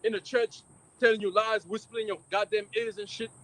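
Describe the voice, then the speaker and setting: A man with a strikingly high voice preaching in a fiery, confrontational way. He talks loudly and with heavy emphasis, swears freely and mocks anyone who objects. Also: flat delivery, brisk, rough recording. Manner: loud, profane, emphatic, mocking critics. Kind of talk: fiery street-style preaching.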